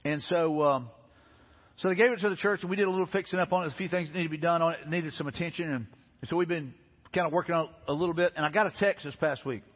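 A pastor preaching a sermon, earnest and repetitive, building to emphatic peaks. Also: male voice, fairly high pitch, fast talker. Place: church sanctuary. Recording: dull reverberant church hall with faint music.

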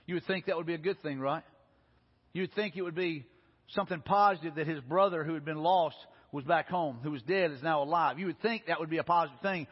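A man's voice: fairly high pitch, fast talker, slightly rough. A male pastor, preaching a sermon in an earnest way, often restarting and repeating words. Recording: dull recording in a reverberant hall.

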